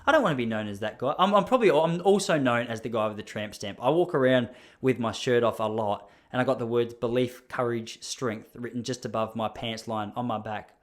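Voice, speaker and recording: Speaking at a fairly quick clip in a mid-range voice, an Australian man hosts a podcast. His casual monologue is a rambling, self-deprecating tale punctuated by frequent laughs.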